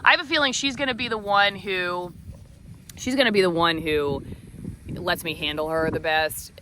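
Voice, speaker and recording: A woman vlogging from her goat pasture on a handheld camera, chatty and self-mocking, cooing softly to her goats now and then. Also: fairly low pitch, moderate pace, background noise. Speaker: vlogger, hobby farmer. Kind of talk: casual self-filmed vlog.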